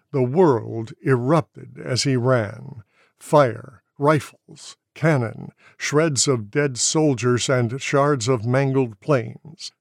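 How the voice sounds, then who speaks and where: Man, audiobook narrator, measured delivery, dry close recording. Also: medium pitch, gravelly, no echo. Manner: slow, measured storytelling.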